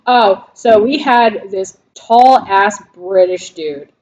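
A woman co-hosting a laid-back veterans' chat, profane and quick to laugh as she tells barracks stories. Her voice sits at a middle pitch. The recording is a little dull and lo-fi. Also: darkish tone. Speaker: podcast co-host, Marine veteran. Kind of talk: casual chat. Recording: dull lo-fi sound.

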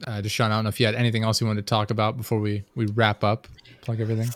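A man's voice: fairly low pitch, little pitch movement, rapid-fire, a little hiss or hum. A man hosting a casual podcast chat, telling stories with many restarts and laughs. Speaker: podcast host.

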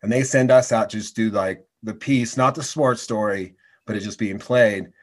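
Excited man swapping stories. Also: lowish voice, normal speed. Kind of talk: casual chat.

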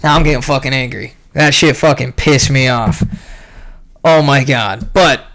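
A young man ranting casually about a fight event, profane and rambling, clearly irritated. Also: mid-range voice, measured pace, fairly bright tone. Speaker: podcast host recapping a fight event.

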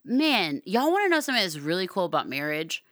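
A young woman hosting her podcast in casual solo talk, chatty and playful, now and then loud and excited. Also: on the low side, a little fast, dry recording. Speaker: podcast host.

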